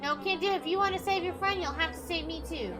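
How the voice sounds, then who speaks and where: A woman's voice: extremely high pitch, fast talker. A woman voicing a pompous, cruel old man villain, haughty and taunting, with music playing underneath. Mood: scornful.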